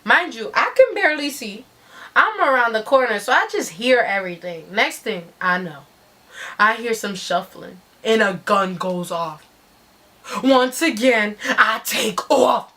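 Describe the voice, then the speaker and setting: Animated high-voiced woman storyteller. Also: a little slow. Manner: animated, swearing freely, bursts of shouting. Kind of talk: dramatic reading of a story.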